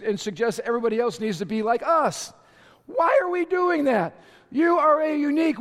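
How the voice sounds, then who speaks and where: High-voiced man preaching in a big hall. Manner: energetic, emphatic preaching with sudden shouts and playful asides. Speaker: pastor. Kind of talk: sermon. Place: church auditorium with congregation.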